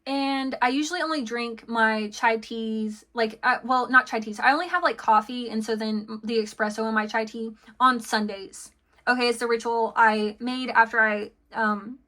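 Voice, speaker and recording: A woman's voice: on the high side, bright, forceful tone. A woman giving a casual tarot reading, rambling and chatty with lots of fillers and restarts, laughing between thoughts. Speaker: tarot reader.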